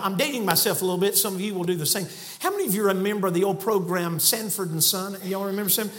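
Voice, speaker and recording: A man's voice: high voice, a bit bright. A man preaching a sermon from a church pulpit, telling folksy stories and building to fervent emphasis. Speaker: guest preacher.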